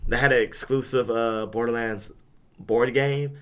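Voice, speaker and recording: Young male co-host, loose rambling delivery with frequent restarts, average pitch. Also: steady tone, measured pace, fairly bright tone, smooth. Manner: rambling, stumbles and repeats words. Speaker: podcast co-host back from a gaming convention. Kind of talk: casual chat.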